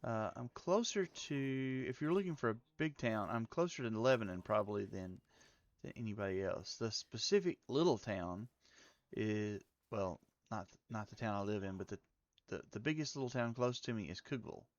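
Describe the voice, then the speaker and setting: A man's voice: lowish voice, lively intonation, brisk, dry recording, dull audio. A man with a Tennessee accent, streaming a game and muttering his way through it while chatting to viewers. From Middle Tennessee, US. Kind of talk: casual live game commentary.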